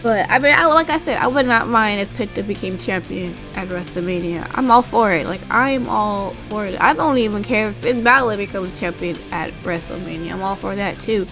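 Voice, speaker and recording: A woman's voice: mid-range voice, brisk, hardly any pauses, over music. Chatty woman animatedly recapping wrestling. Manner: animated recapping, acting out quotes, frequent fillers. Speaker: wrestling commentary vlogger. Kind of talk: casual chat.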